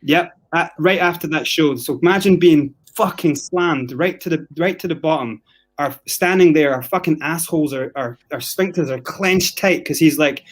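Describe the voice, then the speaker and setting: A man from Scotland tells his story as a podcast guest. His voice sits a bit high for a man, and he talks with swearing and animated acted-out quotes. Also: moderate pace. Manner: animated, profane, acts out quotes.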